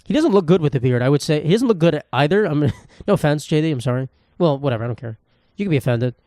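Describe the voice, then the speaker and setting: A man's voice: a little high, lively intonation, quick pace, dark tone, no room sound, clean studio sound. A young man hosting a solo podcast from his apartment, rambling and swearing in a jokey way. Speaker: podcast host.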